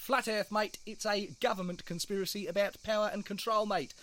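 A man's voice: high-pitched, steady tone, brisk, fairly bright tone. A man voicing a stoned, paranoid male caterpillar with an Australian accent, rambling, swearing and forgetting himself. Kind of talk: animated comedy voice acting.

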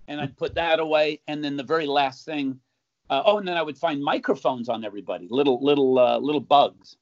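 Animated male magician telling stories. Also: on the high side, fairly quick. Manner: animated storyteller, acts out accusing voices with sudden loud jumps. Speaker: magician guest. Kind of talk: casual interview storytelling. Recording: dull, muffled sound.

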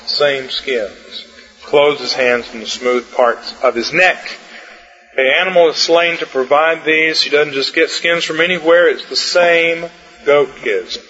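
A male Bible teacher lectures with emphatic explanations and repeats his key points. His voice is husky and sits a little high. It carries a long hall echo over a dull, muffled sound. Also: a bit bright.

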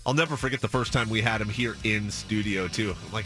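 A man's voice: fairly low pitch, quick pace, music in the background. A man hosting a sports radio show, chatting casually and telling an upbeat story from a studio.

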